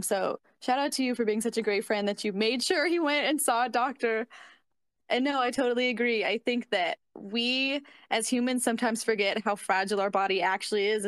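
Higher-voiced woman cohosting a podcast, earnest and supportive, dry close sound. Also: a bit bright, no echo. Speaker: podcast co-host. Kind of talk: casual podcast conversation.

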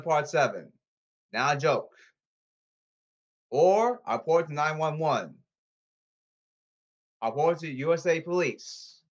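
A man rambling to his audience, reading rules off his phone and repeating himself insistently, with halting restarts. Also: fairly high pitch, muffled recording. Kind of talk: rambling monologue to camera.

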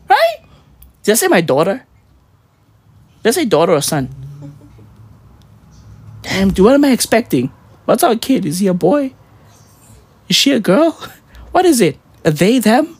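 A man ranting casually, rambling in heavy slang with mock patois words, swinging between loud outbursts and low mutters. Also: big pitch swings, normal speed, long pauses, slightly rough, no echo. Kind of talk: casual profane rant.

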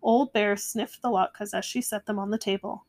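A woman reading a children's picture book aloud in a gentle, measured way. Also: mid-range voice, fairly even intonation. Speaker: storyteller. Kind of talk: storybook read-aloud.

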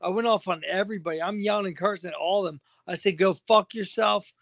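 A man's voice: high voice, fairly even intonation, racing, dry recording. A man guest on a podcast interview, agitated and venting, swearing constantly. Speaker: fighter guest.

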